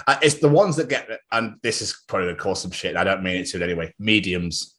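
A man's voice: low-pitched, fast, fairly bright tone. A man from England chatting casually on a podcast, sweary and jokey, often breaking into laughter. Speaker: podcast co-host. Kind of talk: casual chat. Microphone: wireless headphones.

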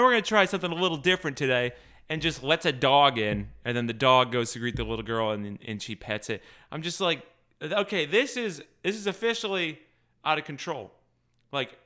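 A man's voice: sits high, bright, forceful tone, clear, resonant tone. A man ranting in an exasperated, sarcastic way, swearing constantly and stumbling over restarts when worked up. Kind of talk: profane comic rant.

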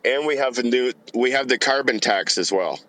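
A man's voice: medium pitch, moderate pace, a bit bright, no room sound, rough recording. Blunt man calling in from a car. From Canada. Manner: blunt, opinionated. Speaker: caller. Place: in a car while driving.

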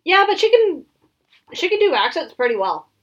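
A woman's voice: very high-pitched, sing-song, moderate pace, a bit bright, dull audio. A woman co-hosting a podcast, chatting casually and animatedly, laughing often and trailing off mid-thought. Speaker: podcast co-host. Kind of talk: casual chat.

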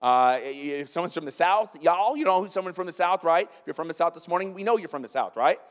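An American pastor with a high, bright-pitched voice delivers a lively, conversational sermon, often turning to his listeners with quick asides. His voice rings out with a long reverb tail through a large sanctuary. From United States. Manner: lively, conversational preaching with frequent "right?" asides. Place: church sanctuary.

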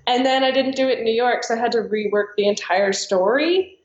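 A woman's voice: a little high, a little fast. Chatty young woman, roomy dull sound. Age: young adult. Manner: chatty, rambling, lots of ums and likes. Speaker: guest, actress and singer. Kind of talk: casual podcast chat.

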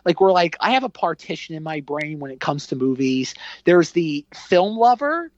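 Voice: mid-range voice, very animated, normal speed, no room sound, lo-fi sound. A podcast co-host in casual film review chat, rambling with many fillers and acting out their own reactions.

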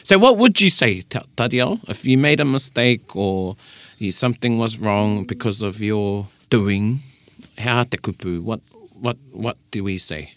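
A man with a New Zealand accent hosts a casual radio chat, patiently explaining points of the Māori language with lots of restarts and fillers. His voice is lowish and expressive, and he speaks a little slowly.

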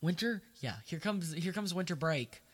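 A man chatting casually as a podcast co-host, retelling a book and acting out the characters in quick voices. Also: high voice, expressive, fairly bright tone, slightly rough.

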